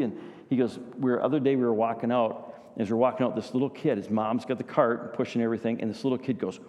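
A man's voice: mid-range voice, fairly even intonation, quick pace, darkish tone, in a large hall. A man preaching a sermon to his congregation, telling stories and asking them questions. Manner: storytelling, addresses congregation with questions. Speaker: pastor.

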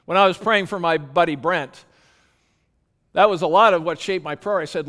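High-voiced pastor preaching in a reverberant hall. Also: male voice, moderate pace, long pauses, fairly bright tone. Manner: earnest, conversational preaching with frequent restarts. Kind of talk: sermon.

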